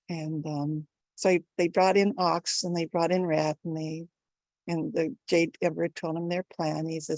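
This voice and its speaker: An older woman telling a folktale at a storytelling event, with an animated, expressive delivery. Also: sits low, normal speed, no room sound.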